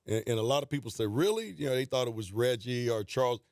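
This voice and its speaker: Animated man telling studio stories. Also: mid-range voice, fast talker, dry recording. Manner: animated anecdotes, quoting players, laughing. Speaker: guest, former basketball coach. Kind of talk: storytelling in a radio interview. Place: radio studio. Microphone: studio mic.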